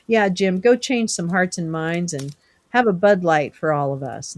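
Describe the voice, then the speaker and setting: A woman's voice: on the low side, a little fast, no room sound. A middle-aged woman from California, hosting a live stream and chatting casually with viewers, rambling and teasing them by name.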